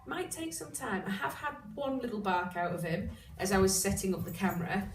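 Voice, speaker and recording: A woman's voice: brisk, over loud music. Woman explaining dog training, roomy distant sound. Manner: chatty explaining, with bursts of high excited praise to a dog. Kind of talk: casual instructional talk. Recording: roomy echo, distant mic, background noise.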